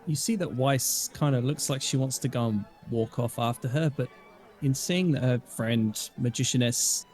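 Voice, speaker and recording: A man's voice: medium pitch, normal speed, darkish tone. A man playing in a tabletop role-playing game, loosely narrating his character's actions with fillers. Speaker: player.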